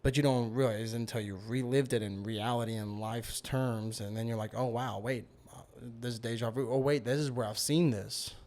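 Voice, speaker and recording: With a darkish, mid-range voice and steady tone, this man talks at normal speed with hardly any pauses. He's a podcast guest rambling through a long personal story in casual storytelling mode, heavy on "you know" and "like".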